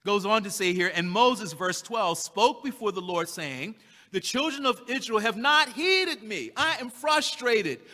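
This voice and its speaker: A man's voice: high-pitched, big pitch swings, a little slow, sharp tone, long reverb tail. A man preaching a sermon, emphatic, acting out the voices of the figures in the scripture he reads. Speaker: pastor.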